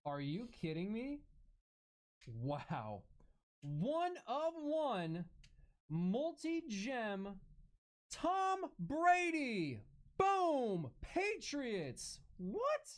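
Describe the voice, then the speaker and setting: A woman's voice: a little high, huge pitch swings, very slow. A woman hosting a live card-break stream, exclaiming and counting out details of each card.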